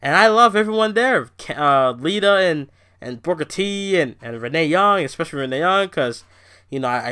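A man's voice: mid-range voice, bright, forceful tone, clean tone. A young man from Canada, ranting profanely and animatedly in a casual review video. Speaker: wrestling review vlogger.

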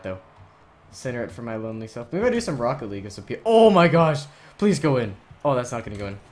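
A man hosting a gaming channel, giving excited live commentary over his own match, often yelling and laughing at plays. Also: mid-range voice, slight background noise.

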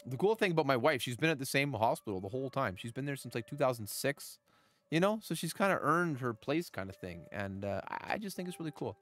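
A middle-aged man, chatting with his live chat while giving game commentary, swinging from calm tips to loud outbursts. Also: medium pitch, quick pace, soft background music. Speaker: gaming livestreamer.

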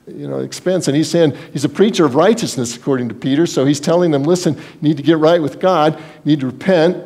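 A man preaching a sermon as pastor, telling Bible stories in a lively way and acting out the people in them. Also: a little high. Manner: storytelling, acts out Bible scenes in quoted voices.

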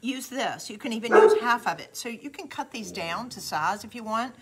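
A woman's voice: a little high, lively intonation, moderate pace, very noisy. A middle-aged woman with a Southern US accent hosting a casual live craft demo, chatty and folksy, talking straight to viewers. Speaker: craft host demonstrating a product.

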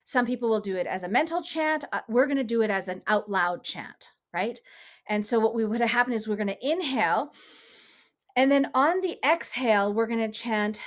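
A woman with a slightly higher voice guides a meditation session. She talks in a gentle, chatty way and laughs easily between her instructions. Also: animated, normal speed. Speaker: meditation leader.

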